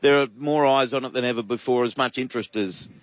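A man's voice: mid-range voice, fast talker, no room sound, lo-fi sound. A man, a radio broadcast colleague, chatting and telling stories. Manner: chatty, storytelling. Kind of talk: casual chat.

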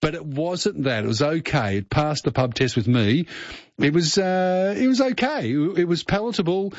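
A man's voice: on the high side, animated, normal speed, no echo. A man hosting a radio show, chatting about movies in a rambling, casual way. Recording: muffled radio broadcast.

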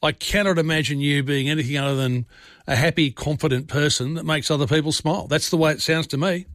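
A man's voice: fairly high pitch, fairly even intonation, fast, a bit bright, no room sound, clean studio sound. A man hosting a radio talkback show, chatting with callers in a friendly, matey way. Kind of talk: casual talkback chat.

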